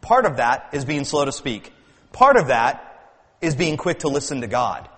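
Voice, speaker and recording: A man's voice: mid-range voice, sing-song, normal speed, fairly bright tone, long reverb tail. A man preaching a sermon as pastor, earnest, with rising and falling emphasis and frequent repeated words.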